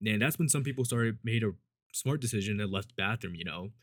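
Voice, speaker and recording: Lower-voiced guy telling a rowdy story. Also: expressive, fast talker, no room sound, studio quality. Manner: rambling, swears a lot, fillers like "like" and "you know"; acts out quoted people with shifts in pitch and loudness. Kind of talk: casual storytime.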